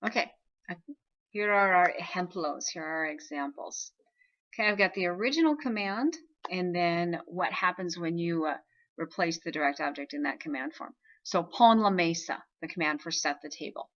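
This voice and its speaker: A woman with a bright, forceful voice talks through a recorded video lesson. She explains step by step and keeps checking in with "okay?". The recording sounds dull and lo-fi. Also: on the low side, moderate pace. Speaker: Spanish teacher.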